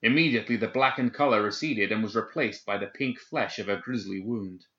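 A man narrating a dark fantasy story in a measured, dramatic reading. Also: fairly low pitch, reverberant. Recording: dull lo-fi recording.

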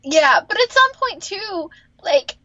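A woman's voice: takes it slowly, no echo, muffled recording. A woman co-hosting a podcast in casual chat, exasperated and swearing as she reacts. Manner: exasperated, swears, lively pitch swings. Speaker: podcast co-host. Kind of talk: casual chat recapping a TV episode.

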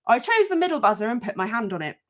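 A woman's voice: a little high, big pitch swings, quick pace. A woman co-hosting a podcast, reading a listener's story aloud with frequent laughter and casual swearing, then chatting. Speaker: podcast co-host.

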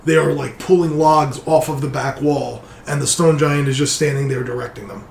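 A man's voice: medium pitch, steady tone, moderate pace, creaky, slight background noise. A man narrating as game master, setting scenes loosely with frequent fillers. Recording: roomy echo.

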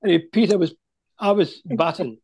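An older man recalls his playing days over a video call, rambling from one story to the next with plenty of restarts. His voice sits a little high for a man. He keeps a warm, anecdotal flow going. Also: expressive, fairly quick, husky, highs cut off. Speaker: guest, former footballer. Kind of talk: storytelling interview.

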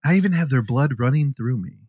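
Lively rambling man reviewing a movie. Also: mid-range voice, fast talker, husky, no echo, studio quality. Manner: rambling, jokey, acts out characters' lines. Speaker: podcast co-host. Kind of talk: casual podcast film review.

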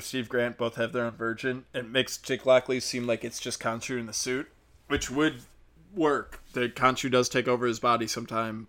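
A man's voice: mid-range voice, bright, forceful tone. A man hosting a solo podcast, ranting in a profane, exasperated and sarcastic way. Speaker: podcast host. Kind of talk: casual solo podcast rant.

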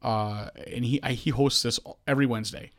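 A man tells a rambling story on a casual podcast. He is animated, jumping into higher voices to act out the people in his tale, with many restarts along the way. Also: brisk. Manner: animated, acts out quoted voices, frequent restarts. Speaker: podcast host.

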